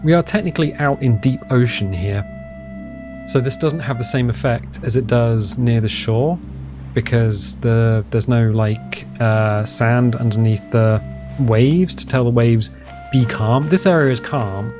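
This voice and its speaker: Over background music, a man with a medium-pitched, unhurried voice commentates a survival game while playing. He rambles casually, talks to himself, and makes jokes at his own expense in this relaxed let's-play.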